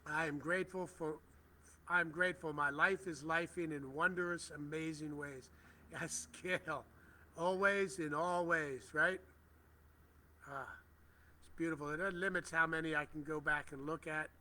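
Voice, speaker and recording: A middle-aged man hosting a prayer livestream outdoors, speaking gentle, reverent affirmations as he reads viewers' comments aloud over a phone. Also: a little high, fairly even intonation, unhurried, slight background noise. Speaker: spiritual livestream host.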